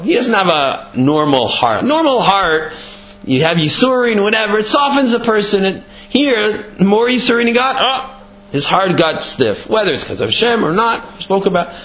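Brief: man Torah teacher, conversational and lively, in a dull lo-fi recording. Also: high-pitched. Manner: animated, conversational explaining. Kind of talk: Torah class with storytelling.

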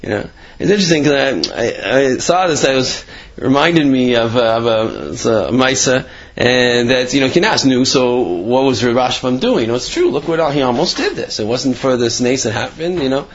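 A man's voice: medium pitch, lively intonation, moderate pace. Rambling man telling religious stories. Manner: rambling, many fillers and restarts. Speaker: Torah storyteller. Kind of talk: casual religious storytelling. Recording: dull lo-fi recording.

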